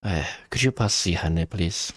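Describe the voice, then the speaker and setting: A man's voice: deep voice, normal speed, a bit bright, voice pushed down. A man voicing a dazed, exhausted father with a wobbly put-on foreign accent, drawling and calling people darling. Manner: drawling, exhausted, fond pet names.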